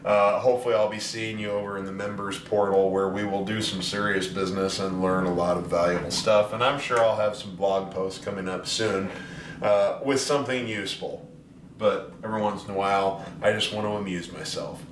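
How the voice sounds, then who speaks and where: A man chats casually to his viewers in a rambling, self-deprecating way, often restarting his sentences. His voice sits fairly low and comes from a distance in a roomy space. Faint piano music plays behind him. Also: fairly even intonation, a little fast, slight background noise. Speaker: pianist and singer, music teacher. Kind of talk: casual video blog talk. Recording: roomy sound from a distant mic.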